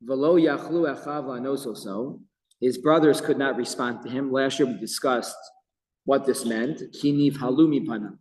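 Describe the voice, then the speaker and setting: A man teaching a Torah class as a rabbi, telling the story with lively emphasis and quoting Hebrew verses. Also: mid-range voice, normal speed. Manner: animated storytelling with Hebrew quotes. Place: office. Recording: echoey room with long reverb.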